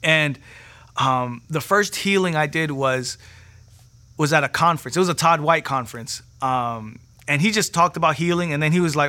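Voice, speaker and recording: A preacher telling his personal testimony in a casual, animated way, using slang, acting out the people he quotes and repeating words when excited. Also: on the high side, moderate pace.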